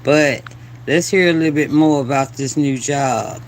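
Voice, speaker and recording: A man hosting a reaction video, talking casually with slow, drawn-out phrasing and laughing asides. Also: a little high, slight background noise. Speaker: reaction channel host.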